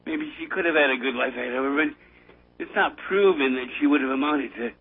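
A man in casual political chat, rambling and halting, often breaking into nervous laughter. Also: medium pitch, slightly rough. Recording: tinny phone-line audio.

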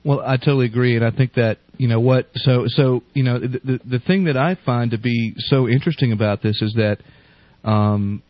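A man in casual political chat, halting with restarts and slow emphasis. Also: medium pitch, no room sound. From United States. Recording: dull lo-fi dry line.

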